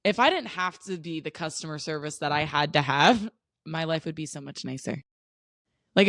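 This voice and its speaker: A woman's voice: low voice, lively intonation, moderate pace, a bit bright, no echo, studio quality. A young woman from the United States co-hosting a podcast, chatting casually and bluntly, with lots of "like" and easy laughs. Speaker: podcast co-host.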